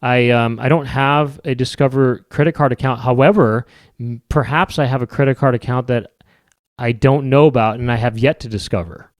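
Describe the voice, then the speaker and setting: A man's voice: medium pitch, normal speed, dry recording. Rambling, wry man, dry sound. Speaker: podcast host. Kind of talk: casual comedic monologue.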